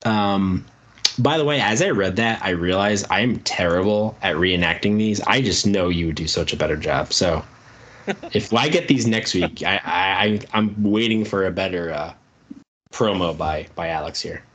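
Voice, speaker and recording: A man's voice: low voice, moderate pace, a bit bright, dull audio. A man co-hosting a wrestling podcast, reading out trivia questions and quoted promos in casual chat, laughing easily. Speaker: podcast co-host running trivia.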